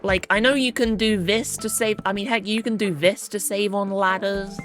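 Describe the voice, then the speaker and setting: A woman's voice: medium pitch, steady tone, moderate pace, a bit bright, soft background music. A woman streaming a game, chatting playfully and poking fun at herself as she plays. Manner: playful, chatty and self-mocking while playing. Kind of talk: casual gaming stream chat.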